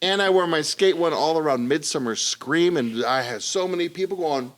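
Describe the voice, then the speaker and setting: A man's voice: a little high, moderate pace. A man hosting a casual podcast, chatting and reading sponsor spots in an upbeat, sing-song way. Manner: upbeat, animated, sings-song ad reads. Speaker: podcast host.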